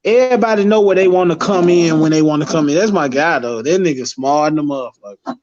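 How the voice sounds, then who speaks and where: A man chatting casually as a guest on a live stream, loose and profane, with animated street talk. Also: on the high side, fast, crowd noise. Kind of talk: casual chat. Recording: dull lo-fi stream audio.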